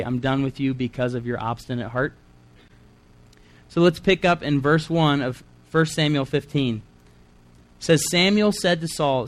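A man preaching a sermon, reading scripture aloud and breaking in with earnest asides. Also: mid-range voice.

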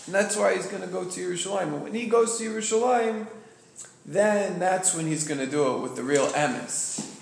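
A man's voice: sits high, normal speed, vocal fry, a little hiss or hum. A man in a study class explaining a text earnestly, working through the ideas aloud. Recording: roomy echo.

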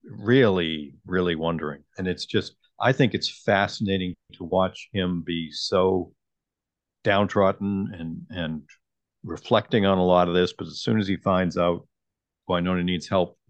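A man's voice: low-pitched, steady tone, a little slow, no echo, lo-fi sound. A man co-hosting a podcast, musing casually about the show's story. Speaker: podcast co-host. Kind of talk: casual recap chat.

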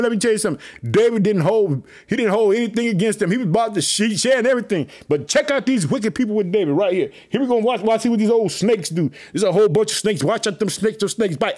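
Fired-up podcast guy preaching on scripture, pretty high voice, keeps going let me tell you something. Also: lively intonation, fast, hardly any pauses, darkish tone. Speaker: podcast host. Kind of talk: animated Bible commentary.

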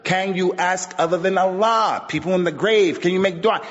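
A man's voice: sits high, moderate pace, fairly bright tone. A man preaching a sermon, emphatic and repetitive, mixing Arabic phrases into his points. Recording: muffled audio with long hall reverb.

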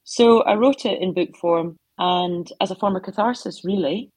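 A middle-aged author speaks from her home office, answering interview questions conversationally through heartfelt stories and soft asides. She has a mid-range, slightly rough voice at a moderate pace, recorded with no room sound.

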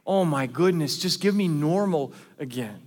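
A man preaching a sermon as pastor, earnest, shifting between loud emphasis and hushed asides. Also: a little high, animated, moderate pace. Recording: long reverb of a large hall.

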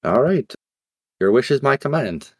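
A man's voice: medium pitch, sing-song, normal speed, slightly rough, no echo, studio quality, voice pushed up. A man playing a cheeky wingman in a tabletop role-play, joking and teasing.

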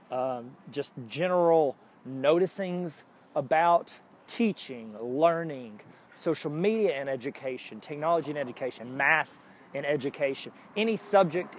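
Brief: male solo podcaster, slightly higher voice, loose self-mocking rambles, faint traffic behind. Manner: jokey, upbeat. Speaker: podcast host. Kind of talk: casual solo podcast monologue.

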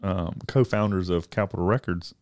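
Deep-voiced man in casual chat. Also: normal speed, darkish tone, clear, resonant tone, no echo, clean studio sound. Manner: eager listener, short prompts and questions.

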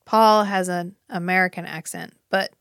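A woman co-hosting a casual chat podcast, opinionated and animated, swearing now and then as she talks. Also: fairly low pitch, normal speed, clean tone, no room sound, studio quality. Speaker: podcast co-host.

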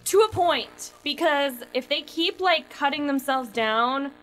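A woman's voice: high voice, lively intonation, measured pace, a bit bright, low-quality recording. Blunt, sarcastic woman co-host. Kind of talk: casual comedy chat.

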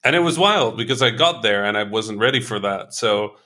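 Bright-voiced man chatting casually. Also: on the low side, animated, a little fast. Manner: chatty, laughs often, quotes people in his stories. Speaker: podcast co-host. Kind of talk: casual chat.

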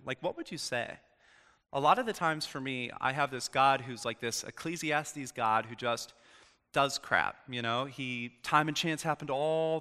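Guy giving a laid-back chatty sermon, bright voice, long reverb like a big church hall. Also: medium pitch. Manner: casual, chatty, animated storytelling. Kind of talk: informal sermon.

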